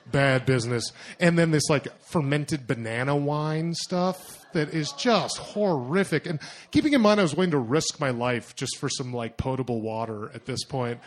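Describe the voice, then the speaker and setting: A young man telling a personal story to an audience, animated and self-mocking, acting out his own thoughts in asides. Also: a little high. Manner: animated, self-mocking, lots of fillers and acted-out inner voices.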